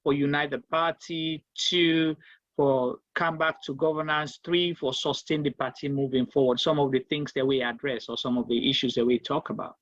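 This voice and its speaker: A male interviewer with a Sierra Leonean Krio accent, pressing his guests with brisk questions. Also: on the high side, fairly even intonation, fairly bright tone, dry recording. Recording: dull, dry, lo-fi.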